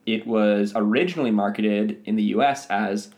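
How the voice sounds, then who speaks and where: A man's voice: on the low side, moderate pace, darkish tone. Dry, teasing male podcast co-host. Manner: dry, teasing, reads prepared summaries. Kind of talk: casual chat.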